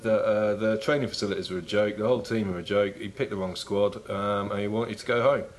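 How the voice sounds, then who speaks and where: Low-voiced man, dry wit. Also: steady tone, fairly quick, slight background noise. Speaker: podcast co-host. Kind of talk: casual comedic chat.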